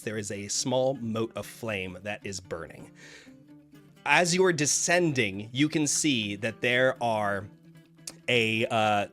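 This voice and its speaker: A man's voice: medium pitch, pushed and bright. Man narrating as game master. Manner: descriptive, measured narration with frequent fillers.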